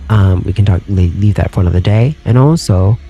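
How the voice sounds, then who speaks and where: A man's voice: on the low side, fairly quick, warm tone, soft background music. A man around forty hosting a podcast, telling a story in a casual, rambling way, swearing freely and wondering aloud. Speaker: podcast host.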